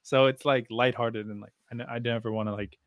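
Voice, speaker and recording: A man in a casual podcast chat, rambling fast and profanely in an animated way. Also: medium pitch, dry recording, studio quality. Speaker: podcast co-host.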